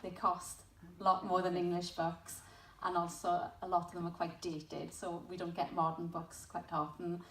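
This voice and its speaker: A woman reporting for a school at a community event, hesitant with many pauses and ums. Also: on the low side, flat delivery, fairly bright tone. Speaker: school representative. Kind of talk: short speech at a community event. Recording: echoey hall from far off, faint noise.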